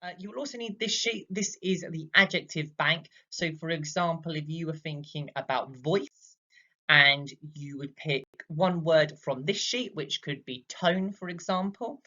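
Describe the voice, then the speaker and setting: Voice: medium pitch, unhurried, pushed and bright, highs cut off. A drama teacher giving a recorded lesson, explaining patiently with many fillers and acting out examples.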